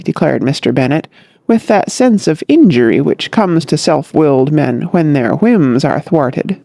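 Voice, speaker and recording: An audiobook narrator reading a comic novel with a wry, lively delivery. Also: mid-range voice, a little slow, creaky, dry recording. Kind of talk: scripted narration.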